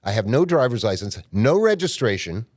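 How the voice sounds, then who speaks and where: A man's voice: mid-range voice, sing-song, a little fast, no echo. Man, casual podcast storyteller, rambling and a bit profane, dry close mic. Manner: rambling, colloquial, mildly profane. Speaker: podcast guest or host.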